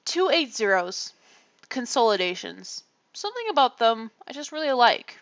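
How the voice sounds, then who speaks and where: Woman streamer from Canada, high voice, rambling casual chat, dull lo-fi mic. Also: big pitch swings, moderate pace, a bit bright, dry recording. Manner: chatty, rambling, self-deprecating, frequent laughs. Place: home room. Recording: muffled lo-fi mic.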